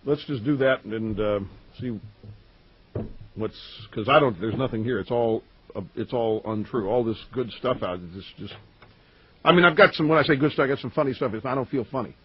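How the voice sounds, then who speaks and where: A man's voice: medium pitch, brisk, husky. A man hosting a call-in radio show, talking in a defensive, stammering way with callers. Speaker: radio talk show host. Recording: muffled radio broadcast.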